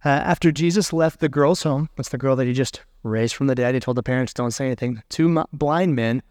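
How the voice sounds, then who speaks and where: A male pastor preaching a sermon in a conversational way, reading scripture aloud with pauses. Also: mid-range voice, darkish tone, no room sound, studio quality.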